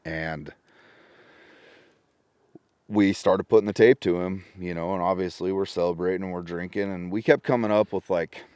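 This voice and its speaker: A middle-aged man telling a story in casual podcast conversation, lively and acting out his phone calls with friends and family. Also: sits low, moderate pace, pauses often, clear, resonant tone, no echo. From Washington State. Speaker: podcast guest.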